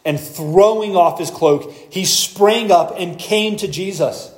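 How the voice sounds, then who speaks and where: Male pastor, slightly high voice, teaching sermon, reverberant sanctuary, reads verses deliberately. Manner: explains scripture verse by verse, reads passages aloud slowly. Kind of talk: expository sermon.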